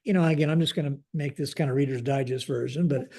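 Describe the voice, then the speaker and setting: An older American man, a retired Air Force general, tells a story during a podcast interview in a conversational way. He speaks fast at a medium pitch, animatedly acting out the dialogue and using lots of fillers.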